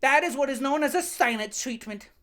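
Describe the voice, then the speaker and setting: A woman's voice: sits high, lively intonation, brisk, a bit bright. Heated mocking ranting woman. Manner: heated, mocking, rambling with restarts. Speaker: commentary ranter. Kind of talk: rant commentary.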